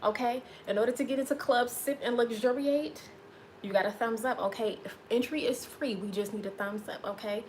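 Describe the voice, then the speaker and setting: A woman's voice: fairly high pitch, moderate pace, a little mellow, a little hiss or hum. A woman hosting a casual livestream, chatting playfully with viewers and reading their comments aloud. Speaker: livestream host.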